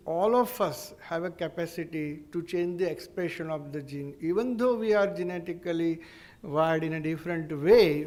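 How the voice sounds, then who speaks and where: An Indian English man gives a public lecture as a neurologist. He speaks in a fairly high voice, earnest and explanatory, often pausing and restarting his sentences. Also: darkish tone.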